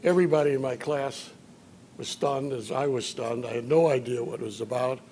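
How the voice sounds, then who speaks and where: An older man from Chicago giving an after-dinner speech, telling anecdotes with dry humor and filler pauses. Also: medium pitch, warm tone, a little hiss or hum. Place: banquet hall at a dinner event.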